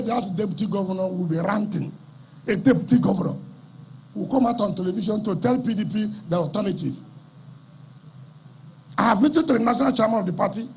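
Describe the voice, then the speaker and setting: A man's voice: very high-pitched, gravelly, husky. Fiery Nigerian man at a rally. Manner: fiery, combative, repeats phrases for emphasis. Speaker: state governor. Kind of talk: political rally speech. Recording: muffled live broadcast audio.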